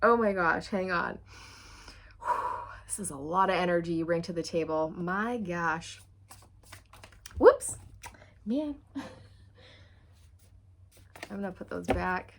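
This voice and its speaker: A woman reading tarot for her viewers. She sounds excitable and encouraging, speaks straight to the viewer, and often breaks into squeals and laughter. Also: on the low side, moderate pace, creaky. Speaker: tarot reader.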